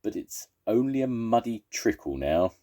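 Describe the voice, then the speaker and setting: A man's voice: medium pitch, big pitch swings, normal speed, warm tone, voice pushed up. A man doing a gloomy, fretting old badger. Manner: gloomy, head-shaking worry. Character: gloomy, worried old male badger, a leader.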